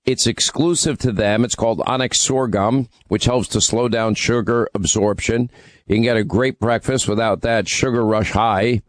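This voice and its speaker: A man's voice: on the low side, steady tone, moderate pace, dry recording. A man hosting a radio talk show, rambling conversationally through ad reads and news, with fillers and restarts.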